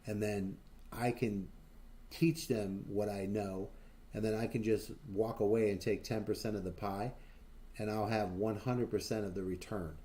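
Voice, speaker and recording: Brief: male stream host, lowish mellow voice, loose profane rambling with lots of fillers, boastful enthusiastic stories. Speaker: livestream host. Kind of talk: casual chat.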